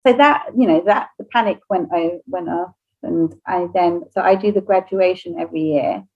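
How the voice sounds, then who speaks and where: A woman's voice: fairly low pitch, moderate pace, lo-fi sound. A woman, a nursery owner whose first language is Spanish, casually telling an emotional personal story on a podcast and laughing often.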